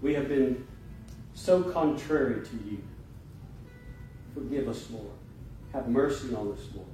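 A man, a pastor, preaching a sermon and leading a prayer, emphatic when preaching and quieter and slower in prayer. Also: medium pitch, soft background music. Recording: echoey hall, distant mic, noisy.

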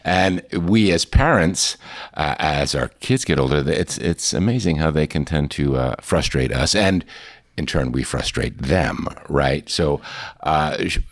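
A man hosting an interview, asking halting, reflective questions with many restarts. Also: rumbling low, lively intonation, no echo, studio quality. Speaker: host.

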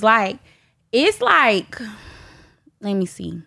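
A woman's voice: medium pitch, lively intonation, a little slow, fairly bright tone, no room sound, clean studio sound. Blunt, laughing woman podcast host. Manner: blunt and profane, laughing often, mock wailing. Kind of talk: candid solo podcast confession.

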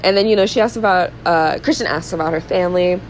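A woman's voice: fairly low pitch, fast, a little hiss or hum, poor audio. A young woman hosting a podcast, recapping a film in casual chat, acting out the characters' lines and laughing often. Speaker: podcast host.

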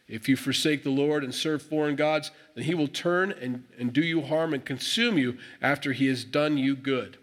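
A man's voice: medium pitch, normal speed, hardly any pauses, fairly bright tone. Conversational male preacher teaching scripture. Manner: conversational, acts out dialogue with emphatic rises. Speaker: pastor. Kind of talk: sermon reading and explaining scripture.

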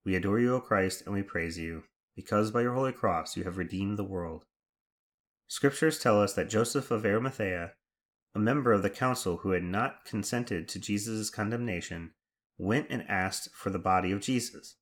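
A man leading devotional prayers and reflections in a measured, reverent recitation. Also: fairly low pitch. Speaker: prayer leader.

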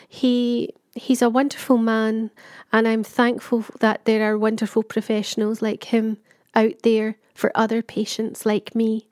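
A woman's voice: on the high side, darkish tone, no echo. Chatty woman, dry close voice. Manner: candid, chatty, with many fillers and restarts. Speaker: patient telling her story. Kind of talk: personal monologue.

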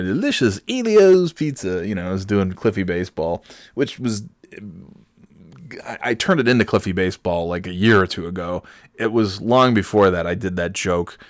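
A man with a deep, low voice talks through a casual solo podcast. He rambles and laughs at his own jokes, and he is recorded up close in a dry room with no echo. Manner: breaks into loud mock announcer bits. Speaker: podcast host.

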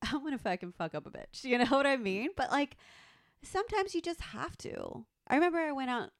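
A woman in her thirties telling a story in casual chat, animated and profane, acting out the quotes. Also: high voice, fairly quick, dry recording, studio quality. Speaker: podcast co-host.

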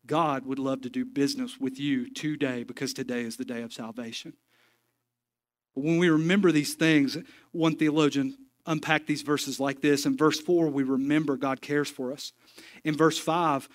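A man preaching a sermon in a church, folksy and joking, with emphatic stretches. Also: on the high side. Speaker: pastor. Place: church sanctuary.

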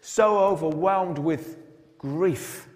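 A man's voice: a little high, very slow. A male pastor preaching a sermon. He retells a Bible story dramatically and asks many rhetorical questions. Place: large church. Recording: long church reverb.

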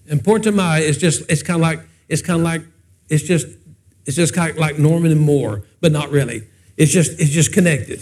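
A pastor preaches in a high, bright-pitched voice. He tells folksy, funny stories and keeps turning to the congregation with questions. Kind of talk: humorous preaching with personal stories.

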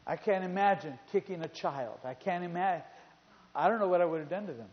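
High-voiced preacher in a reverberant hall. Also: male voice, a little fast. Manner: animated storytelling, repeats phrases for emphasis. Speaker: pastor. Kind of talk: sermon. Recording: reverberant hall, dull sound.

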